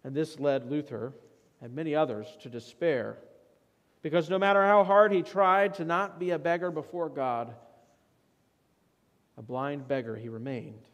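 A man preaching a sermon as pastor, leading a guided imagery passage with dramatic rises and hushed drops. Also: on the high side, a little slow, long pauses, muffled recording. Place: church sanctuary. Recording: long church reverb.

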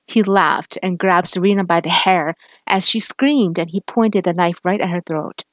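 A woman narrating a dramatic crime story in a steady, measured way. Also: lowish voice, no echo, studio quality.

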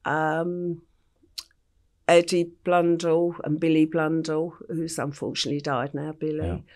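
A woman's voice: low-pitched, little pitch movement, a little slow, darkish tone. Older English woman telling her story. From England. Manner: plain storytelling with frequent ums. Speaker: guest. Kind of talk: recounting her life story in an interview.

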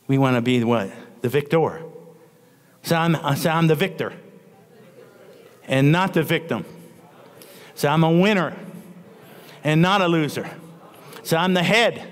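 A man preaching in a church sanctuary. He leads his congregation in call-and-response, peppering his talk with amens and hallelujahs, and reads scripture aloud, tripping over a word now and then. His fairly high voice rings out with a long hall echo. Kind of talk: sermon.

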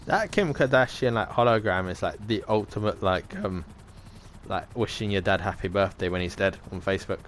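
A man's voice: fairly low pitch, moderate pace, a little hiss or hum. A young man chatting casually while gaming, swearing and teasing his friends. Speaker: gamer.

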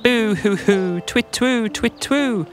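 A man's voice: high voice, takes it slowly, soft background music, voice pushed up. A man voicing a weepy, lonely little male owl in a rhymed bedtime story, hooting and sobbing. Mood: whiny, sobbing. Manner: sobbing, hooting boo-hoo refrain.

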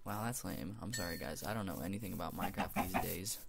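A man's voice: low voice, fast talker, creaky, very noisy. A man giving rambling let's-play commentary on a gaming headset, mumbling and drifting into whispered asides. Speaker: gamer commentator.

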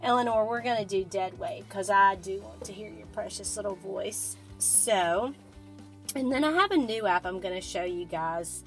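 A woman's voice: medium pitch, normal speed, soft background music. A woman hosting a casual vlog, gushing and giggly as she talks to a doll in a put-on accent. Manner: using a fake accent. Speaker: host of a haunted doll channel. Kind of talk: casual vlog, spirit session.

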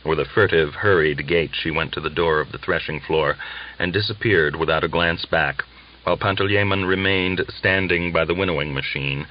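A man reading a novel aloud as an audiobook narrator, measured and steady. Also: very deep voice, highs cut off.

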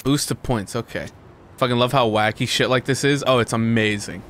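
A man's voice: medium pitch, normal speed, fairly bright tone, a little hiss or hum. A young man streaming a video game, reacting aloud with frequent swearing and sudden frustrated outbursts. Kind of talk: casual gaming stream commentary.

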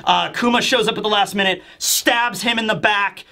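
A man giving casual, excitable commentary as a reviewer who often acts out character lines, recorded close on a desk mic. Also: high-pitched, vocal fry. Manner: excitable, acting out character lines in quick bursts. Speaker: YouTube chapter reviewer.

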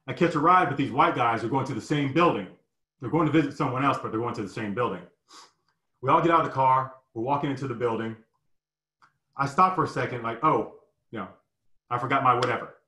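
Brief: man in his fifties, mid-pitched, lively personal storyteller, roomy echo. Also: fast. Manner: animated, acts out the people in his story. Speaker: guest storyteller.

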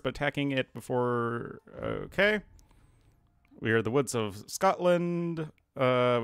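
Man, game briefing read-aloud, frequent fillers, mid pitch, dry close sound. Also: fairly bright tone, clear, resonant tone, no echo. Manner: reads briefing text with frequent fillers and restarts. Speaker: game streamer.

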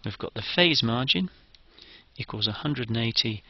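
A man's voice: medium pitch, expressive, normal speed, dry recording, muffled recording. A man giving a methodical, step-by-step engineering lecture.

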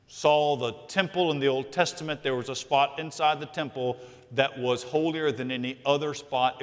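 A man preaching a sermon as senior pastor, emphatic, swinging from loud to hushed. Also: medium pitch, big-room sound. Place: large church sanctuary.

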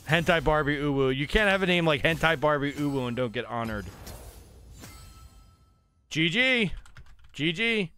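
A young man streaming a video game, commenting live as he plays and swinging between muttering to himself and shouting with excitement. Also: on the high side, moderate pace, long pauses, clean tone. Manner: excitable, swings from mumbling to yelling. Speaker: gaming streamer.

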